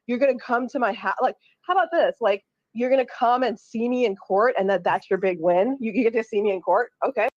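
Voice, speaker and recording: Rapid, defiant female ranter, muffled lo-fi audio. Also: a little high. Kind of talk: casual ranting. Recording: dull lo-fi audio.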